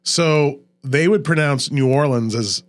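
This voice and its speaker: A man with a medium-pitched voice speaks at a measured pace. Hosting a casual podcast chat, this Louisiana native explains local history and how places are pronounced at length.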